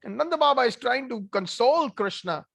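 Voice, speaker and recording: A man giving an animated devotional storytelling talk with conversational asides. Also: very high-pitched, brisk, vocal fry, no echo. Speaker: devotional speaker.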